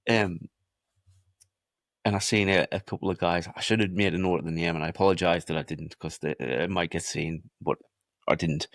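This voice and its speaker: A man's voice: sits low, steady tone, normal speed, vocal fry, dry recording, studio quality. A man co-hosting a podcast, telling movie stories with sweary enthusiasm in casual chat. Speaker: podcast co-host.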